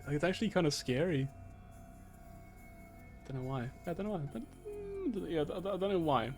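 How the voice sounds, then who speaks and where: Giddy high-pitched streamer. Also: male voice, big pitch swings, moderate pace. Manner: giddy, rambling, stammering, keeps laughing and repeating himself. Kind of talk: live gameplay commentary. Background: faint game music.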